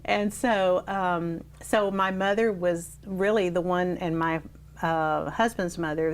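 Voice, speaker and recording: An older woman reminiscing in an oral history interview, telling her stories with animation and acting out the people she quotes. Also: on the low side. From South Texas. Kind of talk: reminiscing storytelling.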